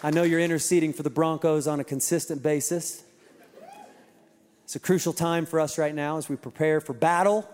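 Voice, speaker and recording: A pastor preaches a sermon in a church auditorium, telling stories and posing rhetorical questions with lively delivery. His voice is a little high and brisk. The hall is reverberant, with music behind him, a faint crowd, and a little hiss or hum.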